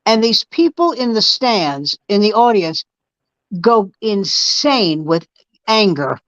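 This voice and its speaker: A middle-aged man telling stories with wry, deadpan punchlines in a casual chat among comedians. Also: sits high, slow, dry recording. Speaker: comedian guest. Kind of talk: casual chat, joke storytelling. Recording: dull dry lo-fi sound.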